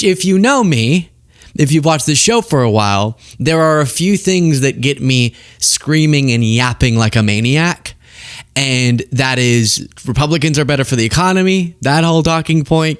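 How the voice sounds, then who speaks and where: A young man hosting a political commentary show, talking straight to camera in an exasperated, animated way and often laughing mid-rant. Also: fairly high pitch, moderate pace, no room sound, studio quality.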